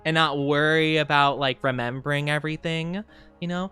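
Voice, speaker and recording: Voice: mid-range voice, fairly even intonation, normal speed, a bit bright, clear, resonant tone, dry recording, faint music behind. A live streamer in casual chat with viewers, rambling and thinking aloud with lots of fillers.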